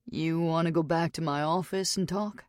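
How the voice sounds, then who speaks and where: A woman voicing a gentle, teasing male bartender who speaks softly with a Texan accent. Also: fairly high pitch, fairly even intonation, moderate pace, dry recording, studio quality, natural voice. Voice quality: soft voice.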